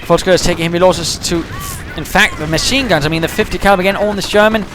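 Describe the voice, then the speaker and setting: A man giving chatty play-by-play commentary on a strategy game match, getting excited at the big moments. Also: sits high, fast, music in the background.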